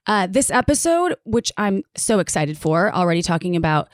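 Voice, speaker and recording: A woman's voice: lowish voice, big pitch swings, moderate pace, no echo, studio quality. A woman co-hosting a podcast, chatting casually and enthusiastically while promoting events and products. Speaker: podcast co-host.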